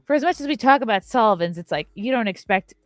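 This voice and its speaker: A woman telling a story in a casual podcast chat, animated and profane, acting out what people said. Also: a little high, fast talker, no echo. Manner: animated, profane, acts out quotes.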